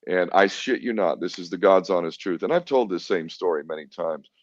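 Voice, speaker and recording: Middle-aged man, podcast guest, low and gruff, swearing freely, lo-fi and dry. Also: fairly quick, no echo. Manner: blunt, profane, defiant, acts out quoted exchanges. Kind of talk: candid storytelling interview. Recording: dull lo-fi dry sound.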